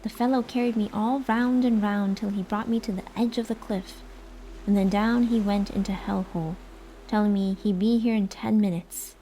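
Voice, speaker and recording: A woman's voice: medium pitch, steady tone, normal speed, warm tone, a little hiss or hum, close to an everyday voice, low-quality recording. A woman voicing an angry, proud army colonel who blusters and scolds, as a whispered role-play. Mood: indignant. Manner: blustering, indignant.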